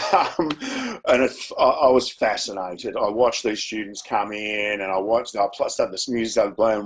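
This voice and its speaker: A man's voice: fairly low pitch, poor audio. A man presenting a webinar, telling a classroom story in a chatty way with many fillers. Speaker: education presenter.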